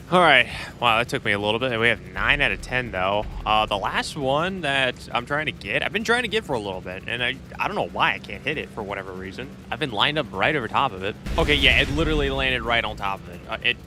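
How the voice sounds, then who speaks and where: A man's voice: mid-range voice, background noise. A young man giving rambling gameplay commentary, often stammering and repeating himself as he gets frustrated. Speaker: gaming YouTuber.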